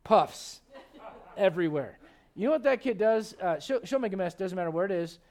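High-voiced pastor preaching. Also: male voice, normal speed. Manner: animated and conversational, with frequent restarts. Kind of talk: sermon.

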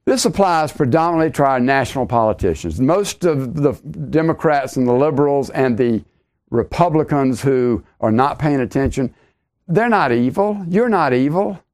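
A man's voice: mid-range voice, animated, normal speed, darkish tone. A middle-aged man preaching a podcast sermon, emphatic, repeating his key lines and rising sharply on exclamations.

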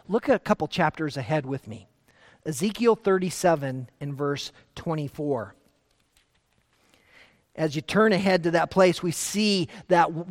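High-voiced man preaching in an echoing hall. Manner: emphatic, shifts between hushed asides and forceful declarations. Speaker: pastor. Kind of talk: expository sermon. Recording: long hall reverb.

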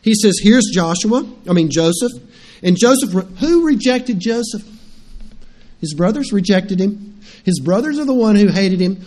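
A man's voice: sits high, lively intonation, moderate pace, a little mellow. A middle-aged man preaching a sermon as pastor, telling stories animatedly and putting questions to the congregation.

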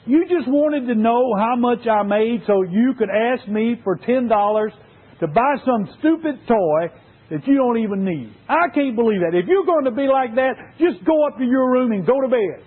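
A man's voice: very high voice, lively intonation, moderate pace, breathy edge, pitched above the performer's own voice, full character voice. A man preaching voices a tired, irritated father who snaps at his young son. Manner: snapping, exasperated. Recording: tinny phone-like sound.

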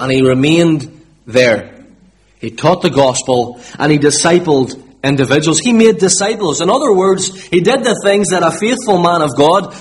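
A man from Northern Ireland with a Northern Irish accent, preaching a sermon and repeating his key words for emphasis. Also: high voice.

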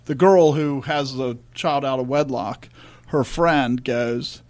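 A man's voice: medium pitch, slow pace, darkish tone. A man co-hosting a church discussion podcast, speaking earnestly and emphatically. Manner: earnest, emphatic, reads scripture aloud. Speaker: podcast co-host.

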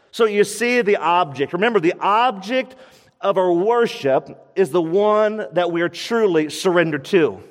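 Male pastor, high voice, emphatic sermon delivery with repeated points, church hall with long reverb. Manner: emphatic, repeats key phrases.

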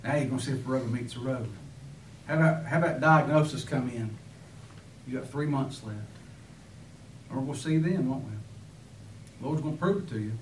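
A man's voice: mid-range voice, a little fast, long pauses, slight background noise. A man preaching a sermon with fervor, firing rhetorical questions and breaking into sudden emphatic bursts. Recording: echoey room, voice from far off.

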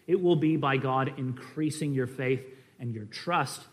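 A preacher with a medium-pitched voice speaks a little slowly, teaching in an earnest, conversational sermon style. He swings between emphatic stresses and quiet asides, with fillers and restarts.

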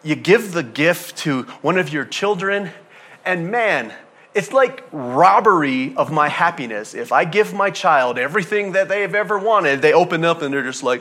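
A man preaching a sermon as pastor, conversational and animated, dropping to soft asides and climbing to loud emphatic peaks. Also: on the high side, normal speed. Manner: conversational, with fillers and repeated phrases.

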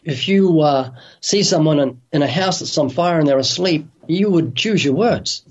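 A man's voice: on the high side, animated, normal speed, dull audio. A man speaking as an evangelist guest on a radio interview, earnest and urgent as he tells vivid illustrations.

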